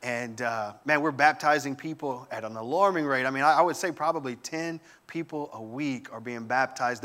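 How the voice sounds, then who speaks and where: A man giving a sermon, telling lively family stories with humor and enthusiasm. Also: a little high. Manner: animated storytelling with humor. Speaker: guest preacher.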